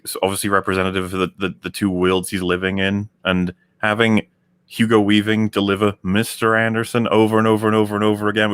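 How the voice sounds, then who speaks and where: Man, very deep voice, excitable, filler-heavy, panel guest. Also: clean tone, no echo. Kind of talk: casual panel chat.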